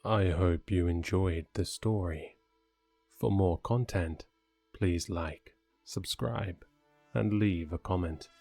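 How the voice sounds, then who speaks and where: A man reading a horror story aloud in a measured, scripted narration. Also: deep voice, gravelly, mellow, faint music behind. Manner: slow, measured storytelling delivery.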